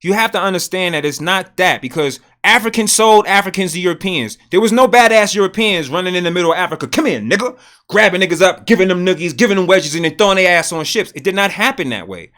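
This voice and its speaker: A man hosting a livestream, arguing loudly and emphatically with a guest, with frequent profanity. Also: sits high, animated, fast talker, few pauses. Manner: loud, emphatic, profane, argumentative. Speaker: livestream host. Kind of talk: heated political debate on a livestream.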